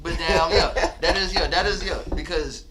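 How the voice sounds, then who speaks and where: A man hosting a casual podcast chat in a recording studio, excitable and quick to laugh. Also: a little high, heavy background noise. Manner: fast, excitable, laughs often. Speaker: podcast host.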